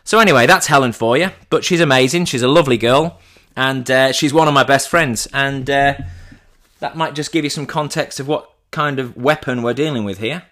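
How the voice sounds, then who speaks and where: A man's voice: mid-range voice, brisk, fairly bright tone. A man in his thirties hosting a podcast, telling a story in a chatty, teasing way. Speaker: podcast host. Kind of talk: comic storytelling.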